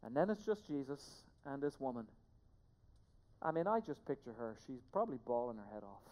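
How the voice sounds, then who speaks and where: A pastor preaching a sermon to a church, emphatic, repeating key phrases and swinging between hushed and loud delivery. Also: medium pitch, very animated, a little fast, muffled recording. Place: church sanctuary. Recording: long reverb of a large hall.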